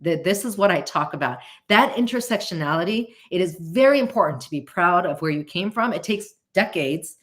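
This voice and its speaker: A woman's voice: on the low side, animated, brisk, few pauses. A woman hosting a podcast in casual chat, earnest and openly emotional, rambling with restarts. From United States. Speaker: podcast host.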